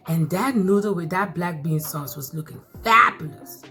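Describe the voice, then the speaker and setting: Excitable woman with a bright voice. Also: on the low side, moderate pace, hardly any pauses, soft background music. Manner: excitable, repeats phrases, bursts of laughter. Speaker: mukbang vlogger. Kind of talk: casual chat to camera.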